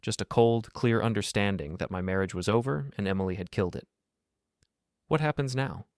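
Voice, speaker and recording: Brief: man, low voice, dry close recording, steady story narrator. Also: fast talker, dry recording. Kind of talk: scripted first-person story narration.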